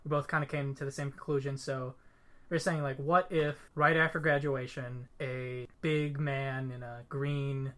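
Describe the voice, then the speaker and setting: A man's voice: mid-range voice, level tone, measured pace, a bit bright. A man in his twenties co-hosting a casual podcast chat, joking and playful as he asks questions. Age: 20s. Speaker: podcast co-host.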